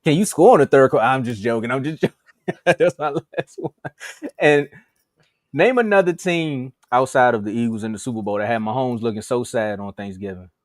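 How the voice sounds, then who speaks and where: A man co-hosting a sports podcast, joking animatedly, laughing between lines and rattling off shout-outs to listeners. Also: mid-range voice, expressive, fairly quick, no room sound, studio quality. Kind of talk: casual sports banter.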